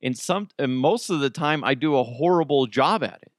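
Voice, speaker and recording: Male solo podcast host, animated and loose, dry close-mic sound, goofy and self-mocking. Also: medium pitch, moderate pace, no echo. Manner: rambling, self-deprecating, laughs often, does silly voices. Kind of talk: casual solo podcast monologue.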